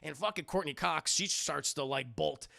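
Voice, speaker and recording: A man streaming a profane, animated scene-by-scene film recap to his live chat, acting out the scenes as he goes. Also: on the high side, normal speed, vocal fry. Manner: animated, swearing, acts out scenes.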